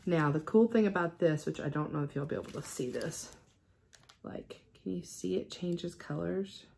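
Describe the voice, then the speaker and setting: A middle-aged woman chatting casually to her camera at home. She gushes and gets excitable, talking in a chatty, easy way. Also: lowish voice, moderate pace, vocal fry, a little hiss or hum. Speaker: stitching vlogger. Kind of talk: casual unboxing chat. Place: at home with a cat.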